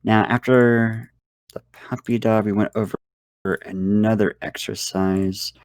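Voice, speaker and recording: A man with a slightly low voice speaks slowly and hesitantly, searching for words. He goes over his notes as a voice student, and the recording is close and dry. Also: steady tone, a little mellow, dry recording. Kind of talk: reviewing lesson notes.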